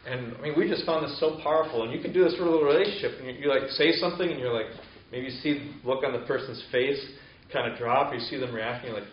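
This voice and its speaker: A man's voice: medium pitch, fast talker, slight background noise. A man preaching a sermon in an earnest, conversational way, working through long spoken lists. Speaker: pastor. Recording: echoey, slightly dull room recording.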